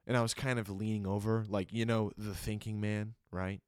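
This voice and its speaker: On his solo podcast, a young man recounts a personal testimony in a low, darkish, flat-sounding voice at a moderate pace, captured in clean studio sound without echo. His earnest, emotional telling is full of fillers, moving from humor into reflection.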